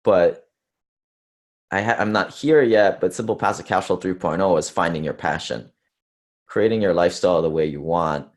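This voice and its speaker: A man's voice: low-pitched, normal speed. A man speaking casually at an investor conference, rambling with fillers and self-deprecating asides. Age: under 30s to early 40s. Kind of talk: casual presentation talk.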